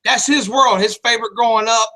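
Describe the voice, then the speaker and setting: A man's voice: very high voice, steady tone, a little fast, sharp tone, poor audio. A man co-hosting a casual wrestling podcast, rambling and joking crudely. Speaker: podcast co-host.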